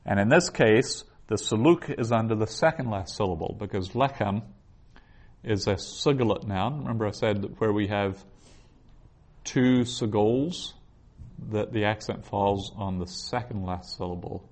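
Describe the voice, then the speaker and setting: Middle-aged male teacher, lowish voice, patient classroom lecture, halting with fillers. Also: a little mellow. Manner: explanatory, patient, with pauses and fillers.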